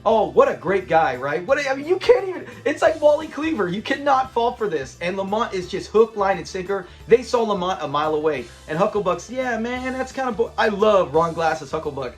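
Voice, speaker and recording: A man casually recapping a classic sitcom episode, animated and laughing often as he retells scenes. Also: high-pitched, a little fast, few pauses, faint music behind. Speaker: show reviewer.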